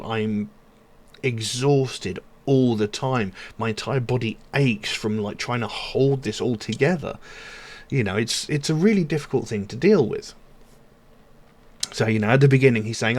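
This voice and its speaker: A man's voice: on the low side, moderate pace. A man hosting a music reaction channel, talking through song lyrics in an earnest, rambling way with lots of fillers. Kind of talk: casual commentary on song lyrics.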